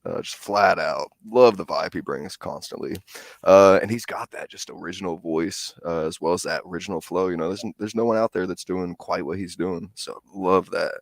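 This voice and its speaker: A man's voice: low voice, fairly even intonation, moderate pace, vocal fry, dry recording, studio quality. A man co-hosting a show and giving a casual review of songs in a laid-back way, with many filler words.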